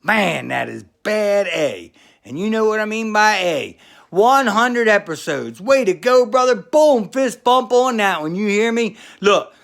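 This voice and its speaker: A former pro wrestler, a man, giving a loud congratulatory shout-out in a hollering, sing-song manner. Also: high-pitched, creaky. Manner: hollering, sing-song, calls everyone brother. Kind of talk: loud congratulatory video message.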